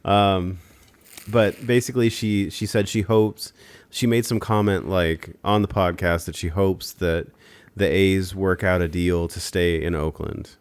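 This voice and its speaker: A man's voice: sits low, fairly even intonation, measured pace, smooth. A man hosting a casual podcast chat, explaining things in a rambling, hesitant way with many fillers.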